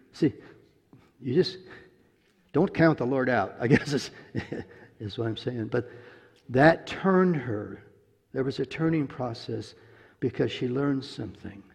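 A man's voice: mid-range voice, gravelly, a little mellow, breathy edge. A man preaching a sermon, telling a story in a folksy, chuckling way. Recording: long echo of a large hall.

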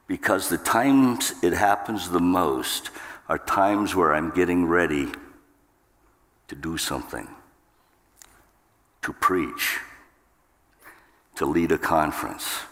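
Deep, slow-speaking man preaching a sermon. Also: fairly bright tone. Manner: emphatic, jumps up in pitch for acted outbursts. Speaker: pastor. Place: church sanctuary. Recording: long hall reverb.

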